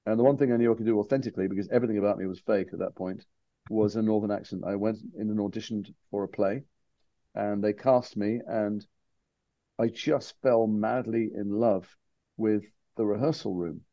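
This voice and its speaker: Gravelly, candid storytelling man. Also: fairly low pitch, steady tone, brisk, mellow, dry recording, muffled recording. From Liverpool, England. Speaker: guest actor. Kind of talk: casual interview chat.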